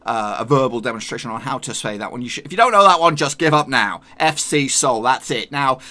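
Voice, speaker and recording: A man's voice: medium pitch, lively intonation, a little fast, sharp tone. A man hosting a football channel, talking in a chatty, jokey way with plenty of slang. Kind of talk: casual football vlog.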